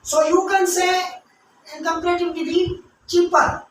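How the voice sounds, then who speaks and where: A woman's voice: high voice, expressive. Woman teacher drilling pronunciation, very echoey. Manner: repeats words slowly, syllable by syllable, switching into local languages to explain. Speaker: English grammar teacher. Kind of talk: grammar lesson with pronunciation drills. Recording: very echoey room, voice from far off, faint hiss.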